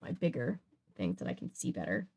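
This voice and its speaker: A woman's voice: rumbling low, sing-song, fast talker, creaky, darkish tone, breathy edge. A woman hosting a stream, chatting casually as she reads comics aloud, often trailing off and restarting her sentences. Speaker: streamer host. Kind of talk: casual chat while reading comics aloud.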